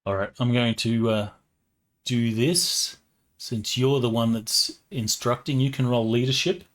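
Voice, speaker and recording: A male game master narrating a tabletop role-playing session. His delivery is relaxed and loose, full of fillers, at a medium pitch. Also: unhurried.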